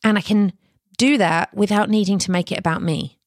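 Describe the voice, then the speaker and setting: A woman's voice: mid-range voice, brisk, no room sound. Earnest woman podcaster, dry close sound. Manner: earnest, conversational, with rhetorical questions. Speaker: podcast host. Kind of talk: reflective solo podcast talk.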